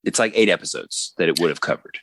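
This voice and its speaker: A man's voice: sits low, quick pace, no echo. A man hosting a podcast, chatting casually and rambling with jokes. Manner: rambling and joking, lively ups and downs. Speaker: podcast host. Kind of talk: casual chat.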